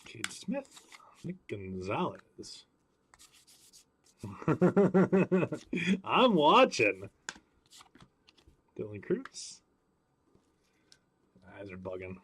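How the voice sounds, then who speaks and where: A man's voice: fairly low pitch, huge pitch swings, drawn-out words, long pauses, pushed and bright, breathy edge. A man hosting a live card break stream, chatting with viewers by name as he calls out each card pulled. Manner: chatty, greets viewers by name while calling out cards.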